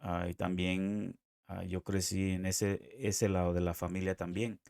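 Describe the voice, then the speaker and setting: A man with an American accent giving casual, chatty reaction commentary, excitable and quick to laugh, with plenty of fillers. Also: low voice, creaky, no room sound, studio quality. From USA, South America and the Caribbean. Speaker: reaction video host.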